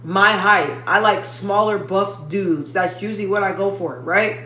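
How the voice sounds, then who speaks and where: A woman's voice: pushed and bright, slight background noise. Chatty young woman on an echoey livestream. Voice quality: talks in a lifted register above her natural low voice. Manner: rambling, chatty, slangy, quick asides to viewers. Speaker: livestream host. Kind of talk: casual livestream chat reading viewer comments.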